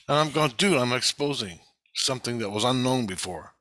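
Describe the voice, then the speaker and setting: With a brisk, mid-range voice that is bright and forceful, a vlogger rambles through a long first-person account of his experiences, swearing heavily and getting more agitated as he goes. He quotes the people in the story without changing his voice, and the recording is dry and close with no room sound.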